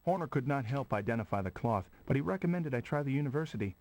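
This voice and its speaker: Actor as a reserved gentleman musing aloud, dry close sound. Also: medium pitch, lively intonation, quick pace, no echo, natural voice. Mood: reflective. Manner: formal, reflective. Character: reserved male Victorian narrator-protagonist. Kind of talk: FMV game acting.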